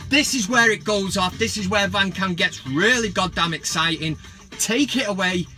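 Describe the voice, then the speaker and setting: Bloke ranting about footy, sweary and sarcastic, highish voice, bit of music behind. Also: male voice, moderate pace. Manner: sweary, sarcastic, bursts of mock excitement. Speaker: football vlogger. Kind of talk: casual comic rant.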